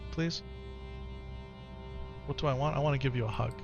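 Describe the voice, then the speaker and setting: Soft-spoken father coaxing his young son. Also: medium pitch, moderate pace, dull audio. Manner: gentle, coaxing with his child, chatty with viewers. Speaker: live streamer and father. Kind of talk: casual live-stream chat. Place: home, in the morning. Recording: clear background music under voice. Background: music.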